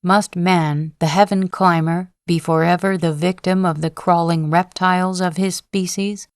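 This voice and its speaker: A woman's voice: on the low side, dry recording, studio quality. A woman reading the lines of a proud, vehement male general in a sleep-story audiobook, with declamatory, impassioned delivery. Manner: declamatory, impassioned oratory at a slow, even reading pace.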